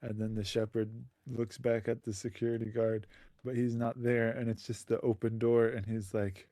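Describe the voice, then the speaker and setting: A man's voice: medium pitch, level tone, moderate pace, warm tone, dry recording. A man co-hosting a podcast who narrates an improvised story in an easygoing way. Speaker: podcast co-host.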